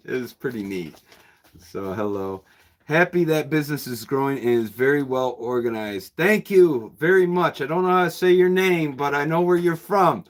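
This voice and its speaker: A man who runs a bookshop, chatting casually with viewers on a livestream in a rambling way, often repeating words and chuckling. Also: medium pitch. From New York State. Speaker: bookseller and channel host. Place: his bookshop.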